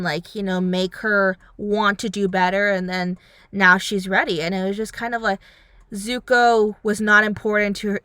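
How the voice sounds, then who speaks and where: A woman's voice: medium pitch, clear, resonant tone, dry recording, clean studio sound. A young woman vlogger reviewing a series in a rambling casual chat, full of "like" and "um", acting out lines as she goes. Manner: rambling, heavy on fillers like "like" and "um"; animated, acts out characters' lines.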